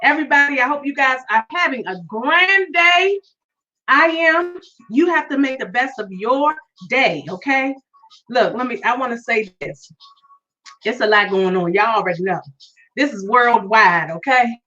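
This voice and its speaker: Woman podcast host, high voice, excited and chatty live-stream banter, muffled lo-fi audio. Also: measured pace. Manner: hyped, chatty, loud exclamations. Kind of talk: casual live-stream chat.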